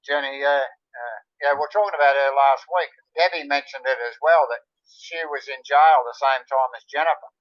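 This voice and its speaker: A man's voice: medium pitch, normal speed. An Australian man in his sixties, a guest in a casual conversation, laid-back, mostly giving short agreeing replies. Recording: dry, slightly muffled recording.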